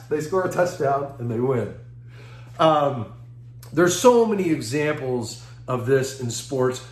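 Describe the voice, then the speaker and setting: A man giving a seminar talk, telling lively anecdotes with chuckles and acting out what people said. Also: on the high side, reverberant. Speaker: seminar speaker.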